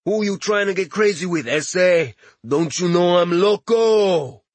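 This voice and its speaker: Cocky giant brute, mocking and theatrical, shifts voices and accents, gravelly edge, a man acting it out. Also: medium pitch, very animated, slow pace, a bit bright, dry recording, full character voice. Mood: mocking menace. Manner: shifts into put-on voices, one a thick Latin accent.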